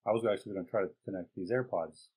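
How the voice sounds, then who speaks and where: A man's voice: low-pitched, racing, a little mellow, slightly rough. A man co-hosting a tech podcast, chatting casually and hesitantly with hedging asides. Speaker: podcast co-host.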